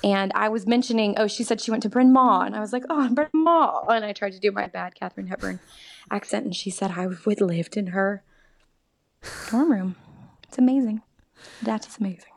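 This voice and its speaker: A woman's voice: mid-range voice, fairly even intonation, a little fast, creaky. A woman from Texas, a theatre actor, guesting on a podcast over a remote call, bubbly and chatty with lots of laughter. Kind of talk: casual chat.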